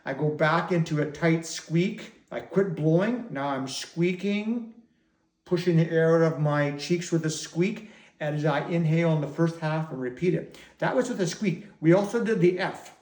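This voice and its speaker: A man's voice: fairly high pitch, moderate pace, a little mellow. Man teaching didgeridoo breathing, echoey room. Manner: patient, step-by-step explaining. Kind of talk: instructional demonstration.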